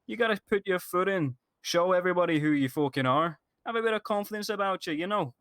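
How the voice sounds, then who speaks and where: A man's voice: high voice, animated, quick pace, a bit bright, smooth, no room sound. A man playing a crude, laid-back police applicant in a game role-play, cocky and rambling.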